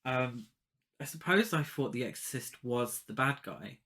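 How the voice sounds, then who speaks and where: A man's voice: mid-range voice, animated, a little slow, a bit bright. Man bantering on a film podcast. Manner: playful banter, teasing his co-host. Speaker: podcast co-host. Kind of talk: casual film chat.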